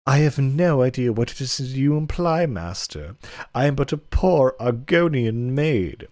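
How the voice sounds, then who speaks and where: A man's voice: medium pitch, animated, measured pace, a little mellow, no echo, clean studio sound, pitched above the performer's own voice, natural voice. A man voicing a timid female lizard-folk maid in a prim, mock-bashful comic reading. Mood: coy.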